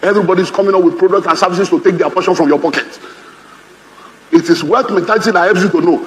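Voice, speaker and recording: Nigerian male pastor, high voice, playful sermon delivery in a reverberant hall. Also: quick pace, a little hiss or hum. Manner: humorous, lively, mimics others' voices. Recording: reverberant hall, faint ambience.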